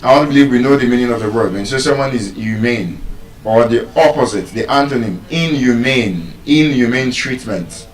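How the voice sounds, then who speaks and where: A man giving a pronunciation lesson, speaking slowly and deliberately, pausing and repeating words for emphasis. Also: medium pitch. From Nigeria. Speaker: teacher giving a pronunciation lecture. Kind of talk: classroom lecture, explaining and spelling out words. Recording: roomy echo, voice from a distance.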